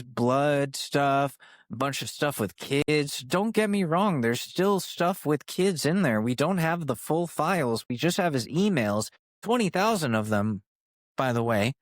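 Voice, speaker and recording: A man's voice: on the high side, no room sound, clean studio sound. Profane, incredulous male comedy ranter. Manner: incredulous, profane, exasperated ranting. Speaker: podcast host. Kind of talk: comedic rant monologue.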